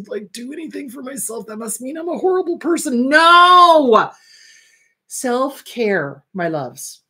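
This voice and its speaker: A woman's voice: mid-range voice, fairly bright tone, slightly rough. A middle-aged woman therapist hosting her own advice show, talking bluntly and emphatically to viewers and often acting out what others say. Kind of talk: direct-to-camera advice talk.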